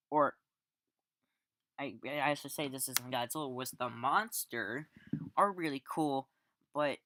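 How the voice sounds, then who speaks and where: A man's voice: mid-range voice, pushed and bright, no echo. Rambling man reviewing a film, dry sound. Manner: rambling, frequent restarts and fillers; exasperated, sarcastic asides. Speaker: movie reviewer. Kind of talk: casual spoken film review.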